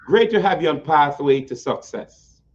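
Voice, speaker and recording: A man's voice: on the high side, lively intonation, normal speed, highs cut off. A man hosting an interview show, effusive and playful as he introduces his guest. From United States. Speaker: host.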